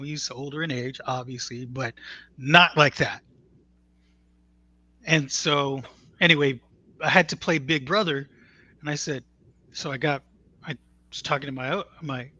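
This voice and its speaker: A man's voice: mid-range voice, bright, forceful tone, no room sound, dull audio. A man telling a family story in a conversational, matter-of-fact way, acting out what others said. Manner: earnest, matter-of-fact, quotes others as he tells it.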